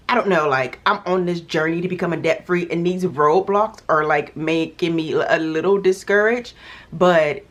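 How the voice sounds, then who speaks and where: Young woman vlogger, slightly low voice, casual chatty delivery with fillers. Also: a bit bright. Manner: chatty, exasperated, lots of fillers. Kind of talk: casual chat.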